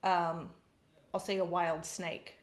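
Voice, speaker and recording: A woman co-hosting a casual podcast, telling an animated story with frequent laughs. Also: lowish voice, takes it slowly. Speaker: podcast co-host. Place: farm household.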